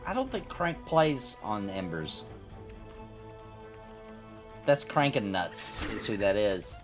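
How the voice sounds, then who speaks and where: A man hosting a casual gaming stream, rambling and joking while reading chat aloud. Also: on the high side. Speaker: streamer host.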